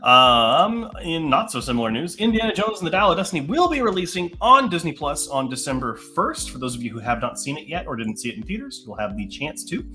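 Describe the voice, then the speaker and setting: A man's voice: fairly high pitch, big pitch swings, pushed and bright, soft background music. A man co-hosting a livestream, chatting casually about upcoming movies and reading out news items. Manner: upbeat, quick, reads headlines. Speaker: co-host.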